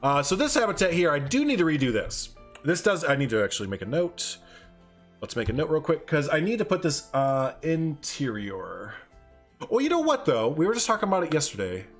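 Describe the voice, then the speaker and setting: A man's voice: a little high, big pitch swings, brisk. Chatty male streamer rambling over game music. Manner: rambling, chatty, reading out viewer chat. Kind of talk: casual live-stream commentary.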